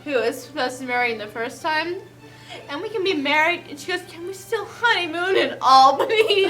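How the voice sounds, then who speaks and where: A woman's voice: extremely high pitch, lively intonation, unhurried, bright, forceful tone, soft background music. A woman telling a comic story recap, giggling often and acting out the characters' lines. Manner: giggly, acts out lines in voices. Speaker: host.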